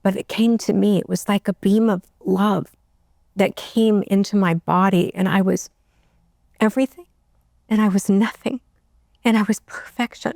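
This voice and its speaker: Gravelly woman telling a story, near tears. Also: medium pitch, steady tone, dark tone, dry recording, clean studio sound. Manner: emotional, halting, with many restarts. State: close to tears. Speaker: interview guest. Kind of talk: personal storytelling.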